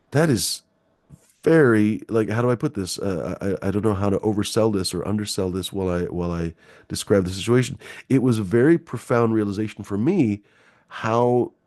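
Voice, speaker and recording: Middle-aged male call-in host, low voice, dry close sound, swearing, rambling, sarcastic. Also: darkish tone, no room sound. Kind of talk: casual political rant.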